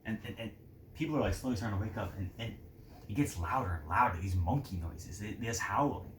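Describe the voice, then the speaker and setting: A man's voice: fairly low pitch, animated, a little fast. A man casually telling a story, rambling with many fillers. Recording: roomy echo, faint noise.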